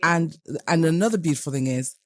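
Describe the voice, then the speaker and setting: A radio host interviewing guests in a studio with warm, admiring questions. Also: mid-range voice, brisk, no echo.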